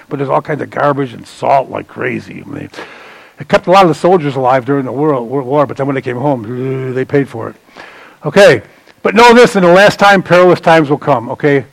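Male pastor, sermon, chatty and digressive, slightly high voice, dry close sound. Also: gravelly, no echo, poor audio. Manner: conversational and digressive, banters with the congregation; animated, swings between loud emphasis and dropped asides.

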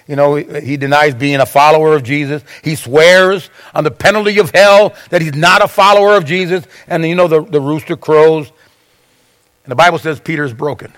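High-voiced man preaching a dramatic sermon. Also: fairly bright tone. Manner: dramatic storytelling, acting out voices. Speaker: pastor.

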